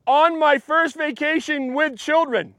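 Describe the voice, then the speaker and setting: A pastor with a very high voice gives a relaxed, joking sermon and chats with his congregation. The sound is dry and close, with no room echo. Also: a little slow. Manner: chatty, joking, talks to the congregation. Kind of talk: casual sermon. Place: church.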